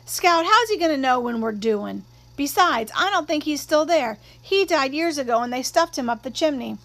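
A woman's voice: sits high, lively intonation, moderate pace. A woman doing a bossy older boy. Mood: scornful. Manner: shouting, scolding.

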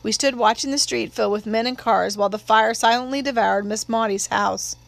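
A woman narrating an audiobook in a measured, steady storytelling voice. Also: on the high side, vocal fry, dry recording.

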